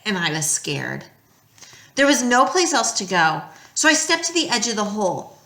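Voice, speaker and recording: A woman reading a novel aloud in first person, with expressive storytelling that drops quiet at tense moments. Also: mid-range voice, moderate pace, roomy sound. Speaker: audiobook reader.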